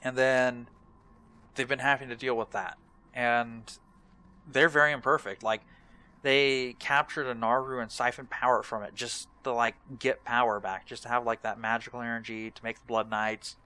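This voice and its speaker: A man's voice: mid-range voice, little pitch movement, moderate pace, bright, forceful tone, clear, resonant tone. A young man giving casual, rambling gaming commentary, hesitant and self-deprecating. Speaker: let's play host.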